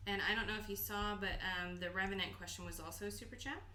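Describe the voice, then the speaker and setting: A woman's voice: medium pitch, steady tone, quick pace, bright, forceful tone. Teasing young woman reading viewer questions. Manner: teasing, dry. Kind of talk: casual livestream Q&A.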